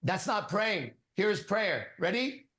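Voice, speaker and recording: Emphatic high-voiced male preacher, echoey room. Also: sing-song, slow pace, a bit bright. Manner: emphatic, commanding, repeats phrases. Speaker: spiritual teacher. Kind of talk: preaching to a listener.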